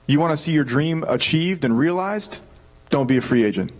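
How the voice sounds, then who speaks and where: A man in his thirties preaching with lively, storytelling energy. His voice sits a little higher than most men's, and he jokes with the congregation as he goes. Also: normal speed. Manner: energetic storytelling, animated and joking. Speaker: pastor. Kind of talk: sermon.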